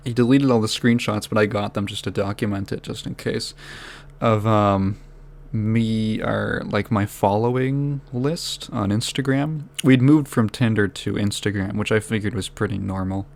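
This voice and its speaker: A man's voice: on the low side, moderate pace, creaky, darkish tone. A man hosting a podcast, telling a story in a rambling, self-deprecating way, laughing often and swearing. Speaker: podcast host. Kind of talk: casual storytelling.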